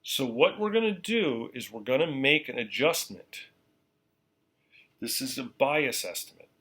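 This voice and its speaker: Male college lecturer, bright tone, mid pitch, casual and repetitive, checks understanding often. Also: animated, slightly rough. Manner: repeats key points slowly, frequent "okay?" check-ins; casual, conversational explaining. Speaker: university lecturer. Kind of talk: classroom lecture.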